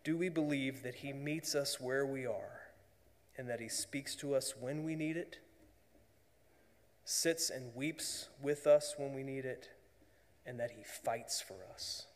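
Slow, earnest preacher in a reverberant hall. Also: male voice, mid-range voice. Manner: earnest, drops to a hushed voice for emphasis. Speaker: pastor. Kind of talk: sermon.

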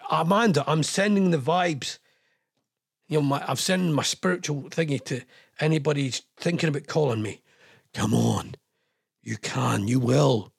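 Man, Scottish accent, radio phone-in host, rambling, chatty, husky, dry close sound. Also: on the high side, no room sound. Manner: rambling, chatty, self-mocking, coaxing. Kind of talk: casual radio chat.

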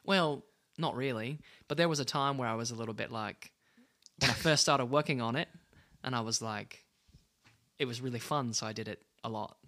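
Bright-voiced casual podcast guy. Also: medium pitch, moderate pace. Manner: rambling, hesitant with many fillers. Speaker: podcast co-host. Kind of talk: casual chat.

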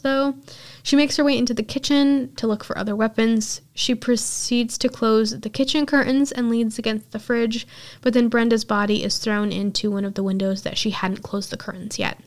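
Woman podcast host, chatty and casual recap, slightly high voice. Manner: chatty storytelling with filler words.

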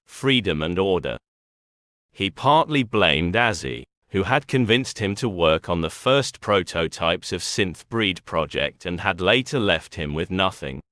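A man narrating an audiobook in a steady, measured reading. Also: sits low, dry recording, clean studio sound. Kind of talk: scripted narration.

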